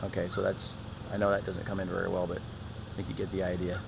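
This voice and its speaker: A man's voice: low-pitched, completely flat delivery, fast, creaky. A man casually narrating while riding in a car, rambling as he points things out and gives the driver directions. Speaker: vlogger showing his land. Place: inside a moving car. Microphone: handheld phone camera. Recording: distant muffled voice under loud wind and road noise.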